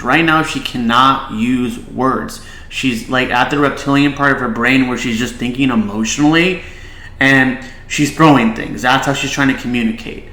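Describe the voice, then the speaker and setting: A man's voice: mid-range voice, pushed and bright, reverberant, rough recording. A man, a child behavior specialist, giving casual reaction commentary and advice, with many filler "likes".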